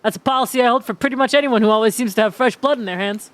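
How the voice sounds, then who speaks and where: Woman streamer reading out a dating game, jokey and giggly, kinda high voice. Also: rapid-fire, no echo. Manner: playful, laughs often, breaks off to joke. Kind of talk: reading game text aloud with casual commentary.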